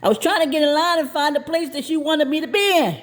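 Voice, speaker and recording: A woman's voice: high voice, lightly acted. Woman playing a whiny, pleading little girl. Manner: pleading and tearful, quick to complain. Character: young schoolgirl, whiny and defensive.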